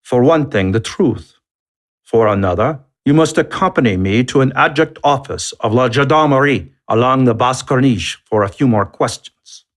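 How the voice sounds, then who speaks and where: A man voicing a French police lieutenant in his fifties who speaks with smooth, chiding sarcasm, in a storybook reading. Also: mid-range voice, very animated, moderate pace, pitched above the performer's own voice. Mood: sarcastic.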